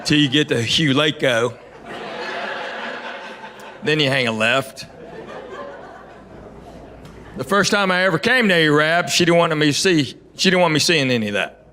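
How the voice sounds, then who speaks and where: A middle-aged comic from Knoxville, Tennessee, performs an easygoing stand-up set and banters with the audience on stage. His voice is fairly high, briskly paced, and lively in intonation. It's a live show with audience noise.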